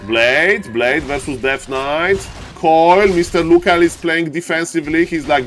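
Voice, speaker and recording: A man who is not an English speaker, commentating a strategy game match live on stream, greeting viewers and getting loud at big plays. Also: fairly high pitch, a little slow, few pauses, soft background music. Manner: excitable, shouts at big plays, non-native English phrasing. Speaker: esports caster and streamer.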